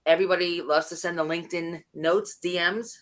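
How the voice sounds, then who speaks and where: A woman, a founder and CEO, giving business advice in a casual panel chat, with an animated, comic delivery full of acted-out quotes. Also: on the low side, fairly quick.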